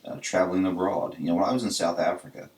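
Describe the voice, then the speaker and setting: A man's voice: sits low, quick pace, a little mellow. A man co-hosting a casual podcast, telling a story in an easygoing way. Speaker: podcast co-host. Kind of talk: casual chat. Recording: echoey room, distant from the mic.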